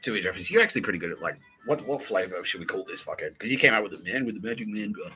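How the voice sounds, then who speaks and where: Aussie podcast guy, low voice but really bright and forceful, swears constantly, swings his pitch all over doing people's voices, faint music behind. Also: animated, racing, low-quality recording. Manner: swears a lot, mimics people in quoted asides, laughs often. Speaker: podcast host. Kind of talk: crude comedic podcast banter.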